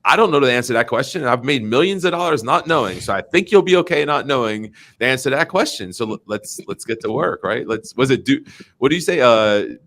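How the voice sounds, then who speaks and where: A man chatting as a podcast guest, telling stories with lots of fillers and restarts. He acts out quoted lines in a sudden higher, louder voice. His pitch sits in the middle. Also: fast talker. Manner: animated, acts out quotes in a raised voice. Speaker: podcast guest, insurance agent. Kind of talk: casual storytelling chat.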